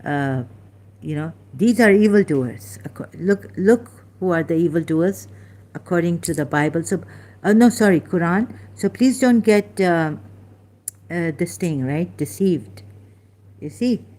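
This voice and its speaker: She's an ex-Muslim commentator chatting casually to camera while she hunts for verses, full of fillers, restarts and hesitation. Her voice is fairly low and dark, a little slow, with lively intonation.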